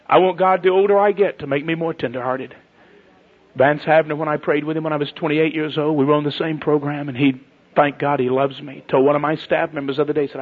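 Male preacher, husky and a touch high, folksy storyteller, dull lo-fi tape. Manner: folksy storytelling, swings from loud to hushed. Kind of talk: sermon to pastors.

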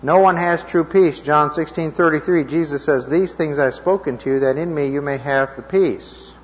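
A man giving an informal Bible teaching to a live group, conversational and checking in with his listeners, his voice a little hoarse. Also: a little high, normal speed, a little hiss or hum. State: slightly hoarse. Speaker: preacher teaching a class. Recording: dull lo-fi recording in a reverberant hall.

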